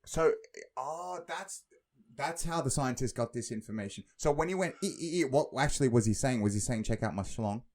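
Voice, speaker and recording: A man's voice: medium pitch, animated, a little fast, darkish tone. A young man co-hosting a podcast, playing along with mock-sincere questions and frequent laughter. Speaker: podcast co-host. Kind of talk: comedic podcast banter.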